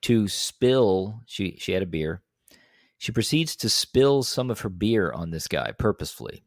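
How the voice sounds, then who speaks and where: A young man tells a story on a podcast, his pitch swinging widely as he jumps into the voices of the people in it. The sound is dry and close, with no room around it. He talks casually and keeps the story moving. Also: unhurried, dry recording. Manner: animated, acts out quotes in a higher voice. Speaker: podcast co-host.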